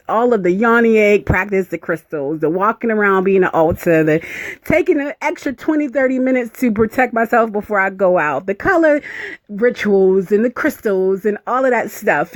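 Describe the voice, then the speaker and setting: A woman guiding a spiritual ritual, unhurried and soothing, humming and sighing as she repeats affirmations in a chanting rhythm. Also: medium pitch, dry recording. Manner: unhurried and soothing, with hums and sighs. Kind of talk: guided ritual meditation.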